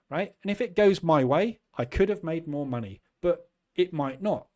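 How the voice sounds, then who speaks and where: A man in his fifties hosting a trading channel, talking in a chatty, self-deprecating way and acting out his own quick asides. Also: on the high side, a little mellow. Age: 50s. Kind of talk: casual chat.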